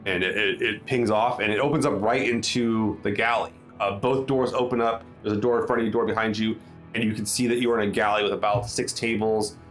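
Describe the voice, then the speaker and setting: A man's voice: on the low side, steady tone, brisk, a bit bright, faint music behind. A man narrating as game master of a tabletop role-playing game, talking loosely with many fillers and restarts.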